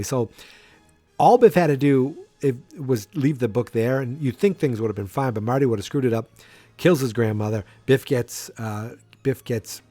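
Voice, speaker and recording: A man's voice: mid-range voice, warm tone, no echo. A man hosting a solo podcast, rambling and interrupting himself as he acts out scenes. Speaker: podcast host.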